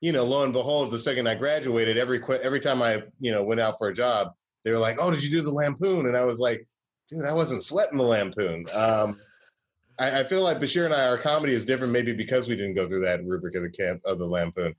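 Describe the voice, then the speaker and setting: A man from the American South chats easily as an interview guest, speaking at a middle pitch. He rambles and corrects himself often, with a wry storytelling manner. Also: fast. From Southern US, Georgia. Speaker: comedy writer guest. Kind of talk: casual interview chat.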